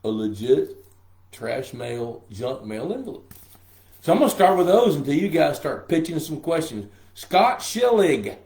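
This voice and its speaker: A man's voice: on the high side, big pitch swings, unhurried, a little mellow. An older man with a scratchy voice, hosting a casual live-stream Q&A. He talks in a folksy, joking way and greets viewers by name. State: scratchy voice from a throat infection. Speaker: pond management show host. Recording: roomy echo.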